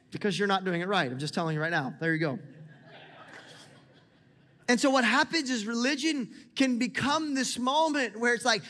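A man in his thirties, a pastor, preaching a sermon to a congregation in a lively, conversational way, often calling on them to listen. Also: high voice, fast. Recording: long hall reverb.

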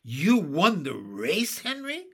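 A man's voice: high voice, expressive, slow, voice pushed up, full character voice. Man voicing a caring older sister. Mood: encouraging.

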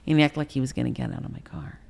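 Interview guest: woman in her sixties, very low gravelly voice, blunt, profane storyteller. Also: sing-song, racing, darkish tone. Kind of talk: candid storytelling in a podcast interview.

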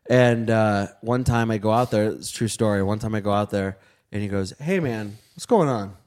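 A man's voice: fairly low pitch, little pitch movement, a little fast, a little mellow, clean tone. Casual, swearing man in his twenties. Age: 20s. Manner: loose and profane, full of filler words. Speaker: podcast guest. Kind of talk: casual chat.

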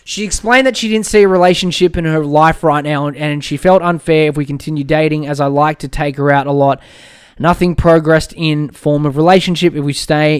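Young man ranting with a smooth, high voice. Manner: blunt, sweary, joking rants. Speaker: podcast host. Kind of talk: casual podcast advice chat.

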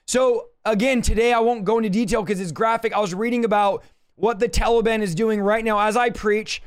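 High-voiced urgent preacher. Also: male voice, fairly even intonation, smooth. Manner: urgent, emphatic preaching with rapid asides. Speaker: pastor. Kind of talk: livestreamed Bible teaching. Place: home office.

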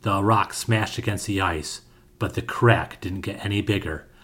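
A man narrating a scripted fantasy story with a steady, dramatic reading. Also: low voice, a little slow, slightly rough.

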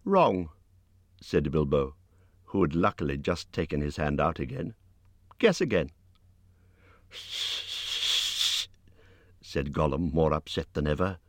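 A man narrating an audiobook in an expressive reading voice, lifting his pitch for character lines. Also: normal speed, no room sound, clean studio sound. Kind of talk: scripted narration.

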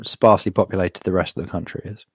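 A man's voice: low voice, fairly even intonation, quick pace, husky, no echo. A man hosting a podcast, wry and dry, steering the segments in casual chat. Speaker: podcast host.

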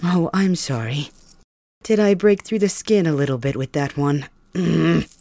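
A woman voicing a cold, cruel young male king, calm and mocking, in an ASMR audio role-play. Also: sits low, unhurried, no room sound, clean studio sound. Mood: coldly cruel.

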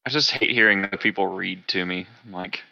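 A man's voice: low voice, fairly quick, vocal fry, pushed and bright, lo-fi sound. A man co-hosting a casual podcast chat, blunt and profane, laughing often. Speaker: podcast co-host.

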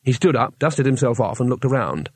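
A man narrating a fantasy novel audiobook in an even storytelling manner. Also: medium pitch, a little fast, husky, no room sound. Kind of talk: scripted narration.

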